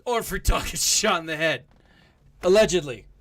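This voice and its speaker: A young man hosting a casual review chat, animated and laughing, with lots of fillers like "um" and "like". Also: high-pitched, normal speed. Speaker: podcast host.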